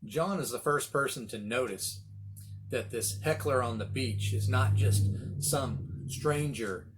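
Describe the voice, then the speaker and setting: A middle-aged man leading a Bible study, telling the story with animated voices for the quoted lines. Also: medium pitch, measured pace, a little hiss or hum. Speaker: pastor.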